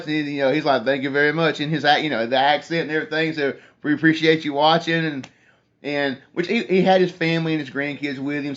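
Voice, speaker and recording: A young man with a drawl chats away on a live phone stream, his voice pitched slightly high for a man. He wanders through a long anecdote, stopping to read out viewers' comments. The sound is muffled and lo-fi, as from a phone. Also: a bit bright. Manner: rambling storyteller, reads chat aloud. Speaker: livestream host. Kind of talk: casual live chat with viewers. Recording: dull lo-fi phone stream audio.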